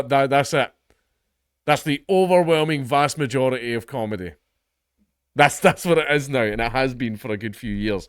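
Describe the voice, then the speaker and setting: A man's voice: medium pitch, normal speed, clear, resonant tone, no room sound, clean studio sound. A Scottish man giving opinionated commentary as a channel host, sardonic and mocking, with emphatic asides.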